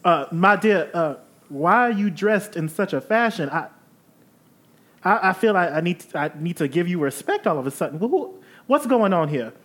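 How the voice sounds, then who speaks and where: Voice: mid-range voice, big pitch swings, moderate pace, a bit bright, voice pushed up. A player putting on a flustered pompous dandy. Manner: stammering, flustered, prissy "my dear" speech. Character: pompous refined tavern patron. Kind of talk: tabletop role-play.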